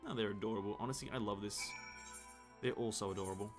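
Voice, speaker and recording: A man's voice: lowish voice, steady tone, quick pace, over music. A man with an Australian accent giving casual live-stream commentary while playing a game, chatty and swearing freely.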